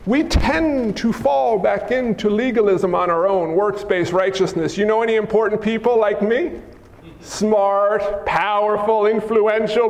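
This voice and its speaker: A male pastor preaching a lively, teasing sermon, acting out scenes in a church sanctuary. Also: sits high, a little slow. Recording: echoey hall with long reverb.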